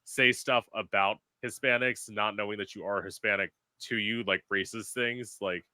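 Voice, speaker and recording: A male podcast host chatting casually, telling animated stories and swearing freely. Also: fairly low pitch, moderate pace, no room sound. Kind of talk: casual chat.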